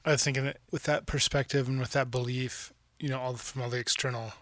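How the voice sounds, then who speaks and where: Man guest, bright but flat delivery, thoughtful and halting. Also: mid-range voice, dry recording. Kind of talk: conversational podcast talk.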